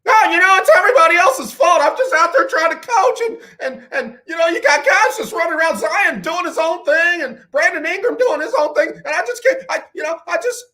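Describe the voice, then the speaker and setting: A man doing a mocking impression of a flustered basketball coach, talking in a high-pitched, whiny voice. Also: animated, brisk, few pauses, pushed and bright, full character voice. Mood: whining, flustered.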